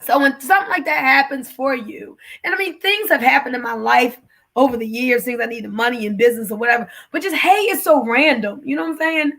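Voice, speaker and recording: A woman host telling a personal testimony in casual talk, animated and emotional, her voice rising when she is moved. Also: sits high, brisk. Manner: animated, gets emotional, raises her voice at the peak of the story.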